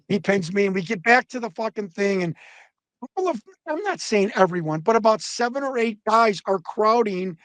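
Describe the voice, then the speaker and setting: Middle-aged man, high-pitched, swearing storyteller, dry close recording. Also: no echo. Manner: profane, animated anecdotes with quoted voices. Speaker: guest storyteller. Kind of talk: casual storytelling.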